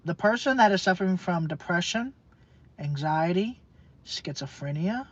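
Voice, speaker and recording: A woman's voice: lowish voice, lively intonation. A woman vlogger in an emotional, emphatic rant to her camera, repeating herself, swearing and stumbling over fillers. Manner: emphatic, repetitive, profane, halting with fillers. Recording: dull lo-fi dry sound.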